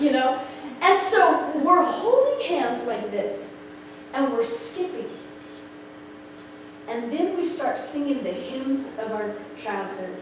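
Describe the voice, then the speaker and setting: A middle-aged woman telling a personal testimony with expressive, story-driven delivery. She acts out the people in her story and her voice rises sharply at emotional moments. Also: sits high, slow pace. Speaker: speaker sharing a personal testimony. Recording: echoey room, far from the mic, background noise.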